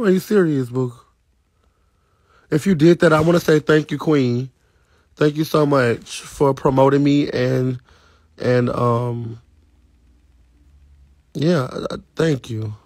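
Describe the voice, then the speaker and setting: A man hosting a casual live stream. He talks in a sassy, animated way to his viewers, laughs often, and speaks into a phone mic. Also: mid-range voice, no echo. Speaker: livestream host.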